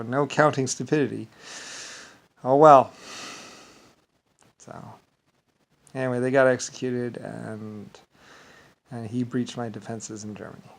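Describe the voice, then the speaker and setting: A man telling a story in a rambling casual monologue, full of halting restarts and repeated filler words. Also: medium pitch, vocal fry, rough recording.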